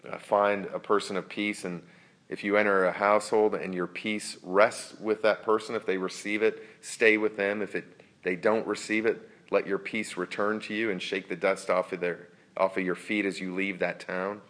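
A man with a very low voice delivers a sermon. He sounds earnest and reflective. At times he drops to a soft, hushed near-whisper. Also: flat delivery, moderate pace. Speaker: pastor.

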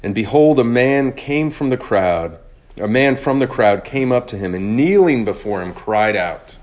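A man preaching a sermon in an earnest, measured way, slowing down on key phrases. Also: medium pitch, expressive, a little mellow.

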